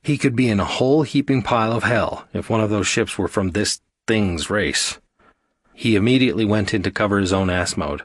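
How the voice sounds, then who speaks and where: A man narrating a science fiction audiobook in a steady, even storytelling manner. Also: fairly low pitch, a little fast, no room sound, studio quality. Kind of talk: scripted narration.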